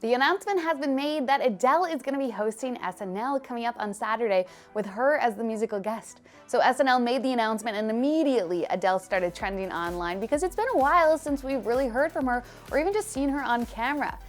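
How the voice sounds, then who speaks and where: A woman's voice: on the high side, expressive, quick pace, hardly any pauses, faint music behind. A young adult woman hosting an entertainment news show, presenting stories in a chatty, breezy way with personal asides. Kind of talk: upbeat scripted news presenting.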